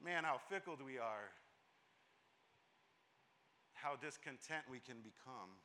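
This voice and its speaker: A man's voice: mid-range voice, animated, slow, pushed and bright. A man preaching a sermon as pastor, emphatic and repetitive, often restarting his phrases.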